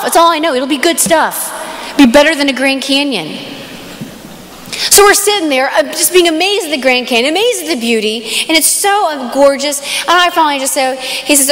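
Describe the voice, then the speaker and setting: Young woman speaker at a youth conference, excitable storyteller, reverberant live hall. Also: high-pitched, moderate pace. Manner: animated storytelling, excited exclamations. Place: large hall.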